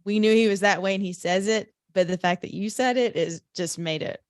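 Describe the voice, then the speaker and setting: A woman's voice: medium pitch, a little fast, dry recording, clean studio sound. A woman co-hosting a podcast, amused and teasing in casual chat.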